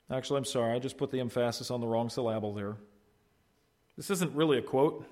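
A man preaching a sermon, swinging between loud, emphatic peaks and quiet asides, and asking the congregation questions. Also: mid-range voice, fast talker. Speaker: pastor.

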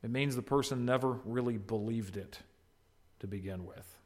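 A man preaching a sermon, swinging between loud, emphatic peaks and quiet asides, and asking the congregation questions. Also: medium pitch, normal speed. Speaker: pastor.

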